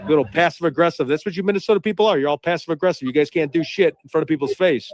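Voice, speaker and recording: A man's voice: fairly high pitch, very fast. A man hosting a livestream, ranting in a heated, profane way and repeating his taunts. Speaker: livestream host. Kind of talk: livestream rant.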